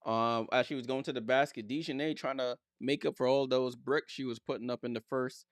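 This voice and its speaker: A man's voice: mid-range voice, fairly even intonation, a little fast, no echo, clean studio sound. A man streaming a casual live watchalong, calling plays and answering viewer comments with blunt, teasing remarks. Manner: reads viewer comments aloud and answers them.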